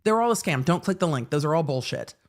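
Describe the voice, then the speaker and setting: A woman's voice: sits low, expressive, fast talker. Blunt, profane woman hosting legal commentary. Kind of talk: live commentary on a court hearing.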